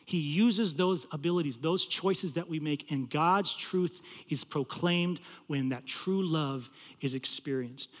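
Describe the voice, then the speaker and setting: A man preaching a sermon as a campus pastor, telling a story and swinging between loud pleading and hushed, low passages. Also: a little slow, long reverb tail.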